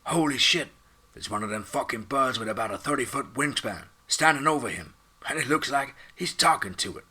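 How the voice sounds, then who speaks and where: A man voicing a male drone pilot reporting over the radio, loud, excited and swearing. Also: mid-range voice, moderate pace, breathy edge, pitched above the performer's own voice.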